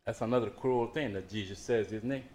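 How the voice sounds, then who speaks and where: A middle-aged man preaching a sermon as pastor, swinging between raised emphasis and quiet asides. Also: lowish voice, brisk.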